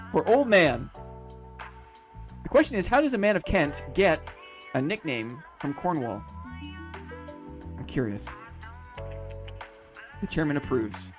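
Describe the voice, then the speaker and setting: A man's voice: a little high, animated, takes it slowly, pauses often, soft background music. A man chatting casually on a late-night game live stream, thinking aloud and repeating phrases to himself.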